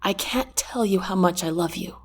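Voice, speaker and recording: Woman reading as a tender husky young man. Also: mid-range voice, moderate pace, natural voice.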